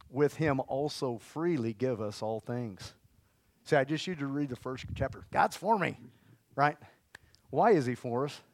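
A man preaching a lively sermon, shouting out exclamations and leading the congregation in call-and-response. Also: mid-range voice, no echo, clean studio sound.

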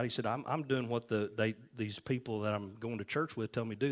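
A male pastor preaching a sermon, telling stories in a folksy, animated way. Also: on the low side, quick pace.

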